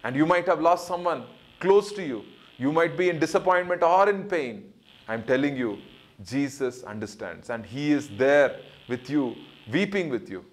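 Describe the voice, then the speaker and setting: A man giving an earnest Bible study, repeating phrases for emphasis and building up on key points before dropping soft at the ends of lines. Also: a little high, lively intonation, moderate pace. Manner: rises and swells on key points, drops soft at line ends. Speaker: Bible teacher.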